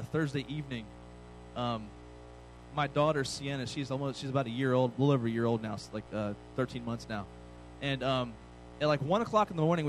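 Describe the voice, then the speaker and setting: Man, 30s, pastor, conversational sermon, self-deprecating, slightly high voice. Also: low-quality recording. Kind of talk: sermon with personal story.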